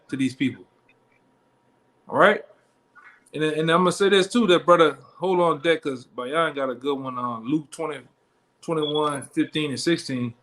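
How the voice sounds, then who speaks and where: A man with a fairly high pitch and fairly bright tone delivers street-style scripture teaching at a Bible study. He talks bluntly and profanely, ending lines with "man" and "all right?".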